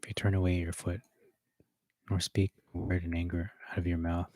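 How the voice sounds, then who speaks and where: Deep-voiced man rehearsing a sermon. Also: little pitch movement, fairly quick, mellow, no echo. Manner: reads verses aloud, with hesitant fillers and self-corrections between. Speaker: preacher. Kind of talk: rehearsing a sermon with scripture reading.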